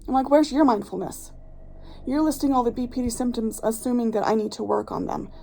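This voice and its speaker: A woman's voice: fairly high pitch, brisk, vocal fry, dark tone, slight background noise, low-quality recording. A woman vlogger telling a personal story in a blunt, passionate, candid way, swearing freely. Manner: candid, recounting events with strong feeling. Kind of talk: casual vlog storytime.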